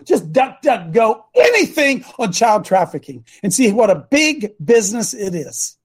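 Man, high voice, fiery informal preacher, blunt, combative, mocking. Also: a little mellow, slightly rough.

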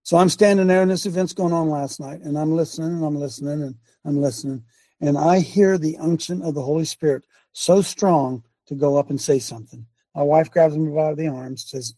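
Fervent male call-in host, husky and dark, preaching-style delivery. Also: fairly high pitch, moderate pace, dry recording. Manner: fervent, emphatic, repeats phrases. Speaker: talk show host.

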